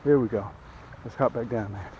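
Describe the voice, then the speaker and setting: A man's voice: mid-range voice, moderate pace, highs cut off, heavy background noise. Folksy middle-aged man demonstrating outdoors. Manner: folksy, talks straight to viewers while working. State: out of breath from lifting. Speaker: boat dealer demonstrating a boat. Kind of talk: casual how-to demonstration. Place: outdoors by the water.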